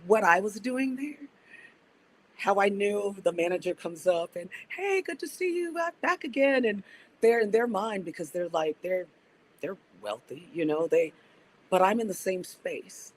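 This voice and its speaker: This guest, a woman who organizes and campaigns as an activist, has a lowish voice and a measured pace. She muses through a casual podcast interview, restarting sentences mid-thought, over a rough recording with a little hiss or hum.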